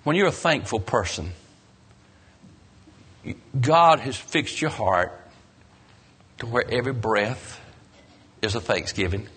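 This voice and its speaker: A man preaching a sermon, telling the story dramatically with emphatic rises and soft, low endings. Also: animated, takes it slowly, long pauses, breathy edge.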